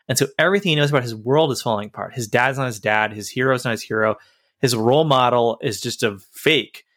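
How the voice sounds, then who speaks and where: A man's voice: medium pitch, fairly bright tone, dry recording. Man earnestly retelling a story, dry sound. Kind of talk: casual chat.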